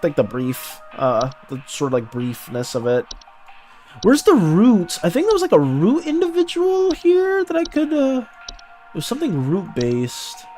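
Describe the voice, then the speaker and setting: A streamer chatting casually with viewers while playing and reading game text aloud. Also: mid-range voice.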